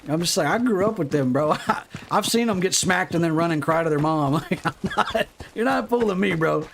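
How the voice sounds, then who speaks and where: A man's voice: fairly high pitch, lively intonation, normal speed, vocal fry, noisy background. A man chatting casually on a gaming livestream, swearing freely and rambling through stories from his life. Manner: profane, rambling storytelling.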